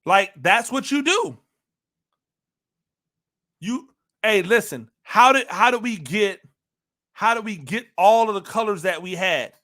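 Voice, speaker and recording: A man delivers an animated football talk monologue in a high, bright voice. He hammers his points home by repeating phrases and keeps throwing rhetorical questions at his listeners. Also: unhurried, pauses often. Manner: emphatic, repeats phrases for emphasis; talks to listeners directly, asks rhetorical questions. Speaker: football analyst host.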